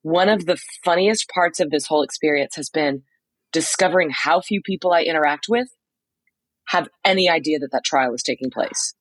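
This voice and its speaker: A woman co-hosting a podcast from a motel room, telling a story in casual chat with quick asides. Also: deep voice, husky, dry recording, low-quality recording. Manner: chatty storyteller, quick asides and acted-out quotes. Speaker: podcast co-host reporting from a trial.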